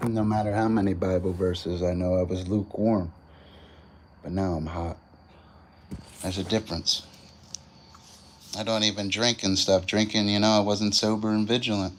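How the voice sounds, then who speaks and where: A man's voice: fairly low pitch, a little hiss or hum. A man livestreaming in a casual, boastful, preachy way, quoting scripture at length.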